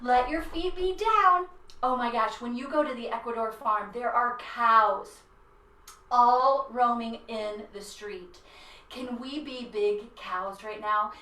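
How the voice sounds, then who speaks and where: A high, bright-toned woman leading a children's yoga class, unhurried and playful as she coaxes little ones through each pose. Her voice sits in a roomy space, caught by a mic some distance away. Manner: playful and encouraging, speaking to children. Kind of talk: guiding a kids' yoga class.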